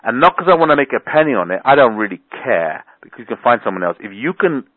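A man's voice: medium pitch, big pitch swings, fast, no room sound. Man hosting over a tinny phone line. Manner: rambling, emphatic, repeats words for stress. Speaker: host of a business conference call. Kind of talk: casual call talk.

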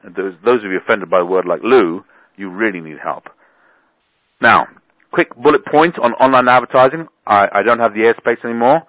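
A man's voice: lowish voice, moderate pace, dry recording. A man hosting a business conference call, rambling and emphatic, repeating words for stress, heard over a phone line. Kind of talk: casual call talk. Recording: tinny phone line, dry.

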